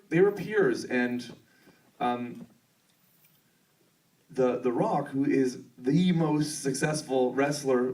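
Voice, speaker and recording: Rambling filmmaker man, distant mic. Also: medium pitch. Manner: rambling, full of fillers, excited. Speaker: filmmaker on a Q&A panel. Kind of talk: casual storytelling answer. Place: theater at a film premiere.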